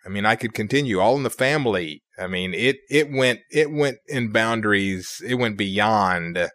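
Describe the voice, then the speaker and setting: A man in his fifties from the Southern US, co-hosting a radio chat and speaking hesitantly with many pauses and restarts. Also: lowish voice, expressive, fairly bright tone, no echo, studio quality. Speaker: radio co-host. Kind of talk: casual on-air chat.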